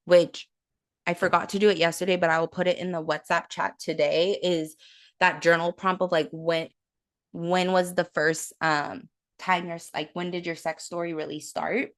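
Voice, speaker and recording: A woman with a somewhat low voice teaches a group in an easygoing, chatty way. She keeps checking in with her listeners and mixes encouragement with blunt remarks. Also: flat delivery, normal speed, fairly bright tone. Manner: conversational, frequent "like" and "right?". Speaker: self-love coach. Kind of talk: casual teaching talk.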